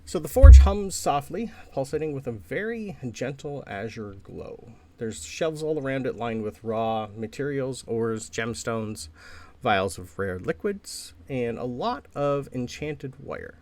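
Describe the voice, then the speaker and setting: A man's voice: mid-range voice, sing-song, measured pace, dark tone. A man acting as game master, describing a workshop scene loosely, with lots of fillers. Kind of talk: narrating a tabletop game.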